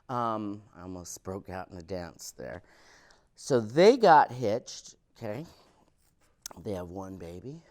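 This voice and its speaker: A young man doing stand-up comedy, telling family stories with mock-confiding asides. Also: a little slow. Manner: animated, wild pitch swings, mock-confiding asides.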